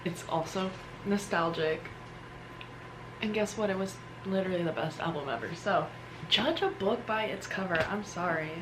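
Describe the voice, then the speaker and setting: A woman's voice: fairly low pitch, moderate pace. A young woman vlogging casually at home, chatty and self-deprecating, trailing off mid-sentence. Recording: noisy home recording.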